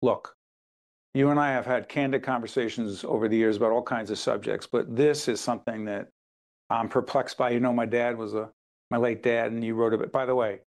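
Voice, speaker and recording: A man's voice: medium pitch, fairly even intonation, fairly quick. A man hosting an interview, pressing his guest with pointed follow-up questions. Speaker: interview host.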